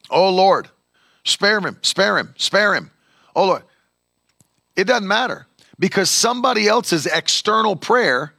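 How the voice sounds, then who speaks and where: A man preaching a sermon as a pastor, animated, acting out the voices of the people he quotes. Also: on the high side, no room sound, studio quality.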